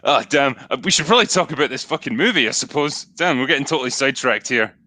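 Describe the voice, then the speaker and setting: A man's voice: medium pitch, lively intonation, fast talker, bright, forceful tone, no room sound. A man with a Scottish accent, co-hosting a casual chat, laughing often and swearing freely. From Scotland. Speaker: podcast co-host.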